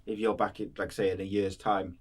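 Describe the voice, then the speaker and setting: Male host, low husky voice, relaxed rambling delivery. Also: a little fast. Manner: relaxed, meandering, many "um"s. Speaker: podcast host. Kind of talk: casual interview chat.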